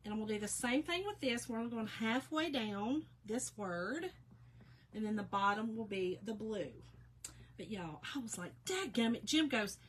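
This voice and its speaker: A woman's voice: a little high, expressive, normal speed, a little hiss or hum. A woman, chatting folksily to viewers during a casual craft tutorial and laughing often. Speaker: craft vlogger.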